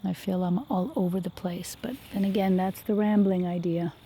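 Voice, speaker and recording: A woman's voice: on the low side, fairly even intonation, normal speed, slight background noise. A woman rambling reflectively in a vlog while walking outdoors by a lake, talking into her phone and often dropping to a whisper. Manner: reflective, soft-spoken, drops to whispers. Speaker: vlogger. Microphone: phone held while walking.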